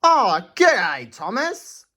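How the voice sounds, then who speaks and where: A friendly, easygoing male train engine chats like a good mate, as a woman reader does his voice. His lines are laid-back and slow, with a lively rise and fall, read from a picture book. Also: on the high side, voice pushed up, heavily acted.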